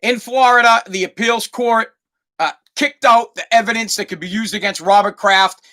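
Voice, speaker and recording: Bright-voiced man ranting on a podcast. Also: sits high, normal speed. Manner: rambling, profane, repeats himself. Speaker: podcast host. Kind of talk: solo comedic rant.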